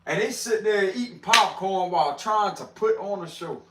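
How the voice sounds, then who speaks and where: A man's voice: high voice, normal speed, noisy background. A man doing a casual livestream tarot reading, slangy and laughing often as he talks to viewers. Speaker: tarot reader.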